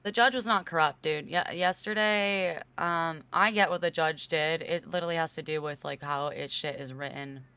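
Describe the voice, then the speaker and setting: A woman's voice: sits low, steady tone, moderate pace, hardly any pauses, pushed and bright, clear, resonant tone. A young woman from California, a streamer chatting casually with her viewers, rambling with lots of "like" and getting emphatic when she argues a point. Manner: rambling, heavy use of "like", emphatic when arguing.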